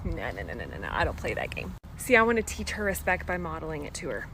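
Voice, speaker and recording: Woman, mom storytime, animated and sarcastic, audible background noise. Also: deep voice, quick pace. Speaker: mother telling a parenting story. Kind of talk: storytelling vlog.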